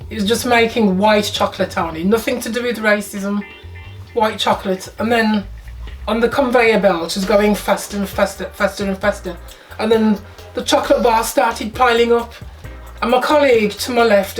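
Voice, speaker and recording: A woman's voice: a little high, recorded from a distance. A middle-aged woman trades playful jokes as co-host. Her voice sits a little away from the microphone. A faint music bed runs underneath. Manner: playful, joking. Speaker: co-host of a punk music channel. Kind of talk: casual chat.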